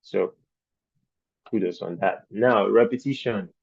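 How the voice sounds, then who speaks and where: A man lectures an online design class in a low, mellow voice, taking his time over each point. He keeps posing rhetorical questions to the learners. The sound is dry and dull, like low-fidelity call audio. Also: a little slow, gravelly, husky, no room sound. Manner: explains patiently with rhetorical questions. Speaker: design instructor. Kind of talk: virtual training lecture.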